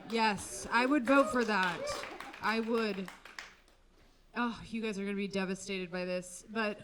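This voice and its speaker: A woman's voice: medium pitch, fairly even intonation, a little slow, background noise. A woman doing a stand-up comedy set on a comedy club stage, wry and conversational with sarcastic asides.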